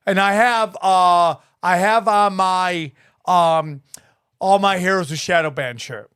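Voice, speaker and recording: A man hosting a podcast, telling a story in casual chat and acting out the people in it with big, loud swings. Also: measured pace, clear, resonant tone, no echo, clean studio sound. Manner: animated, rises high and loud acting out quotes. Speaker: podcast host.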